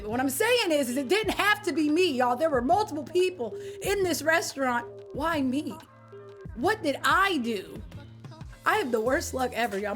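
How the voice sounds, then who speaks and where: A young woman with a high voice chats with her stream audience in a loose, slangy, lively way, greeting viewers by name between stories. Faint music plays softly behind her. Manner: animated, slangy, talks to chat by name. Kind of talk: casual chat with viewers.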